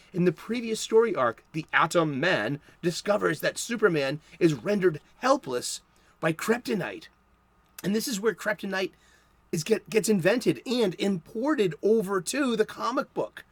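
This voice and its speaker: A man's voice: fairly high pitch, dry recording. A man in his fifties with a Boston accent, hosting a casual solo talk about comics and rambling into joking asides. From South Boston, Massachusetts. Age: 50s. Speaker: comic book podcast host.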